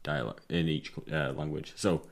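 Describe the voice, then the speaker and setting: A man's voice: a bass voice, moderate pace, vocal fry. An English man hosting a casual podcast chat in an attic room, rambling and joking as he repeats his words.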